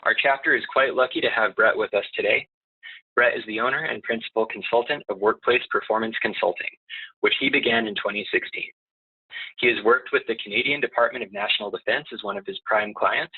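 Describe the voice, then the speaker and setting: A man's voice: lowish voice, brisk, breathy edge. Man introducing a speaker over a tinny line. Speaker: chapter host.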